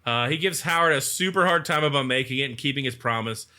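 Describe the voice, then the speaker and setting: A man co-hosting a podcast, casually retelling a movie's plot and acting out its lines in quick mock voices. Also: medium pitch, pushed and bright. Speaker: podcast co-host. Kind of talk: casual movie recap chat.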